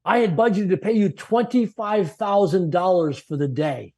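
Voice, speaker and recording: A man's voice: high voice, normal speed, a little mellow, pitched above the performer's own voice. A man voicing a blunt, chain-smoking male executive who lectures him directly. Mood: blunt coaching.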